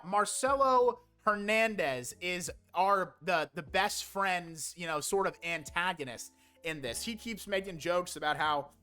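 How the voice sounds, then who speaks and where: A man's voice: sits high, pushed and bright. A young man giving a casual, exasperated movie review, sarcastic and swearing often.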